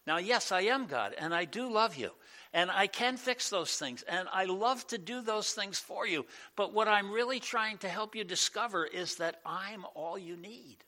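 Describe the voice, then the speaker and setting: A man voicing God as a loving, patient figure, speaking slowly and solemnly in a sermon. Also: sits high, animated, sharp tone, voice pushed up. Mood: tender.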